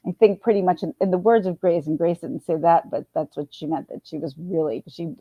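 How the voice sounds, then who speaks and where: A woman's voice: fairly low pitch, fairly even intonation, fairly quick, breathy edge, dry recording. A middle-aged woman, chatting casually on a livestream, rambling with many restarts. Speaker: livestream host. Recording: dull, dry lo-fi sound.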